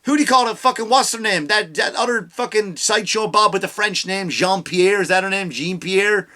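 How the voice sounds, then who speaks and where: A man's voice: high voice, brisk, sharp tone. A man hosting a comedy podcast, ranting with heavy swearing and sarcasm, often mocking people in put-on voices. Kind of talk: profane comedic rant.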